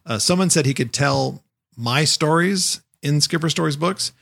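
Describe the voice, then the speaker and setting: A man's voice: a little high, moderate pace, creaky, fairly bright tone. A man co-hosting a podcast, telling a long story in casual chat and acting out the quotes as he goes. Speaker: podcast co-host, former Jungle Cruise skipper.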